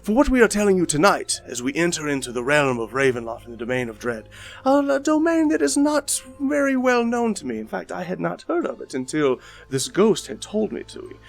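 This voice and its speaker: A man's voice: high voice, very animated, a little fast, gravelly, pitched above the performer's own voice, heavily acted. A man voicing a showy male magician storyteller who speaks in flowery, dramatic showman phrases. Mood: ominous.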